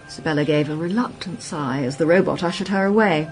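A woman narrating a story in the first person, crisp and wry. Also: deep voice, fairly quick, few pauses, soft background music, low-quality recording. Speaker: audiobook narrator.

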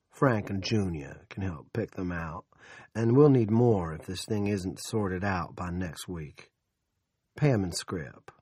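A man voicing a smug, scheming middle-aged male town politician who speaks slowly and condescendingly. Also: sits low, a little mellow, breathy edge, no room sound, studio quality, heavily acted. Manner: slow, condescending and self-satisfied.

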